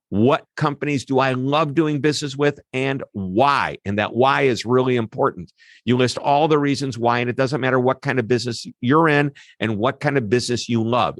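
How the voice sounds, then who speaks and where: In this interview, a male customer service expert gives his answers with plenty of energy, tossing in brief asides as he explains. The medium-pitched voice is captured up close, dry and free of any room reverb.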